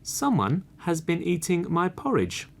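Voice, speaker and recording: Mother bear, middle-sized, storybook figure, measured, higher voice, slow, read by a man. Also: wildly swooping pitch, gravelly, slight background noise, heavily acted. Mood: puzzled. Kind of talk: storybook reading.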